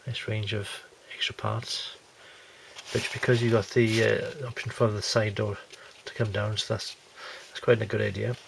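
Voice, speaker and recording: A man reviewing a model kit in a low, gravelly voice, wandering through his thoughts with fillers and false starts. He is still getting over a cold. The home recording has a steady hiss of noise behind it. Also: normal speed. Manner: rambling, hesitant with many fillers and restarts. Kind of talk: casual unboxing commentary.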